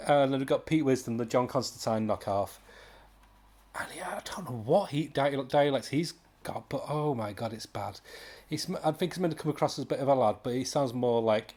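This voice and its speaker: A man's voice: medium pitch, normal speed, darkish tone. A British man giving a casual, rambling comic book review, exasperated, with sighs and mocking impressions.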